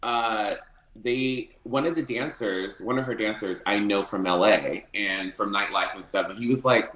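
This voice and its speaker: A man telling stories as a podcast guest, animated, often laughing and acting out what people said. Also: on the low side, moderate pace, echoey room, poor audio. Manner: animated, laughing often, acts out quoted lines. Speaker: podcast guest, drag performer. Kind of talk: casual storytelling interview.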